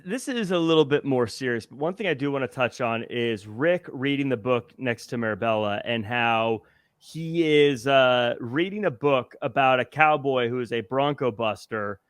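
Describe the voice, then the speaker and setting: A man's voice: mid-range voice, no room sound, clean studio sound. A man hosting a casual movie review chat, recapping scenes with hesitant restarts. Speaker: podcast host.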